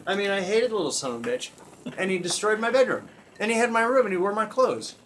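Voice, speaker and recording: A young man with a high, bright voice tells a rambling comic story, breaking into laughter again and again. He swears freely and acts out the loud screams. He sounds a little far from the mic, with faint noise behind him. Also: sing-song, quick pace. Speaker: storyteller guest. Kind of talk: casual comedic storytelling.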